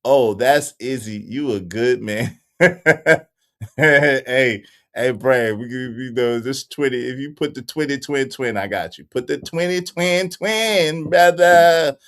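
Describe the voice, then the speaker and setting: A young man hosting a casual livestream, bantering with the chat in animated, repetitive bursts with frequent laughs. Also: medium pitch, a little slow. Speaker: livestream host.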